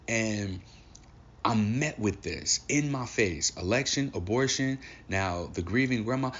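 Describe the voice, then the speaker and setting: A man's voice: mid-range voice, muffled recording, slight background noise. A man in his thirties hosting a solo podcast, talking about grief in an emotional, reflective way and swearing casually. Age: 30s. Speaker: podcast host. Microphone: audio-only recording.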